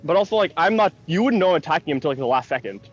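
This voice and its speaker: A man playing a tabletop game who chats casually and quickly, laughing often. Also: on the high side, lively intonation, lo-fi sound, faint music behind. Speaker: player.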